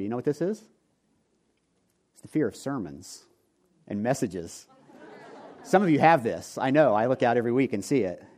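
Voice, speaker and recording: A man's voice: medium pitch, darkish tone. A man in his forties, a pastor preaching a sermon in a joking, conversational way and talking directly to the congregation. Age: 40s. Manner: joking, conversational, talks to the audience. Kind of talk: sermon with humorous storytelling. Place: church before a live congregation.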